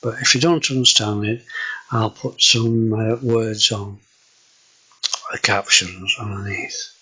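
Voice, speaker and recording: A man's voice: on the low side, fairly even intonation, bright, forceful tone, slightly rough, rough recording. An older man with a Yorkshire accent, hesitantly walking viewers through his kitchen in a casual home video. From Yorkshire, England. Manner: slow, hesitant, with many fillers. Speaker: vlogger.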